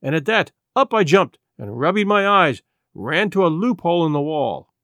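A man narrates a classic adventure novel, storytelling with plenty of expression. His voice is a touch high and rises and falls freely. The recording is close and dry. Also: sing-song, moderate pace, a bit bright, no room sound. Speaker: audiobook narrator.

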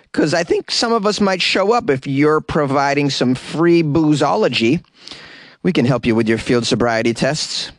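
A man's voice: mid-range voice, no room sound, clean studio sound. A man hosting a comedic news podcast from a closet, joking in asides as he reads stories. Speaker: podcast host. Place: closet in a home.

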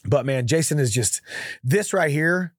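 A man's voice: a little slow, slightly rough, dry recording, clean studio sound. Man breaking down fight footage. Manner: animated play-by-play with "boom" exclamations. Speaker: coach and show host. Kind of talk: casual fight breakdown chat.

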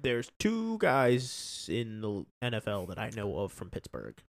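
A man's voice: fairly low pitch, huge pitch swings, unhurried, gravelly. A man co-hosting a sports podcast in casual chat, easygoing, often chiming in with short agreeing replies. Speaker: podcast co-host. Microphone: podcast microphone.

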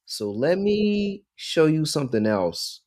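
A man's voice: fairly high pitch, big pitch swings, slow, darkish tone. A man talking loosely in casual chat on a podcast, musing and swearing. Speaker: podcast co-host.

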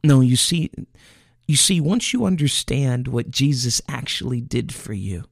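Gravelly, husky-voiced male preacher. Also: medium pitch, animated, a little slow, no room sound, studio quality. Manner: earnest, emotional preaching with repeated restarts. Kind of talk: sermon.

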